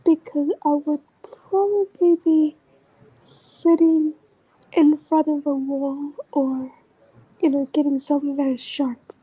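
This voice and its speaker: A woman vlogger talking in a casual, rambling monologue that often drifts into soft whispers. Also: high voice, level tone, takes it slowly, rough recording.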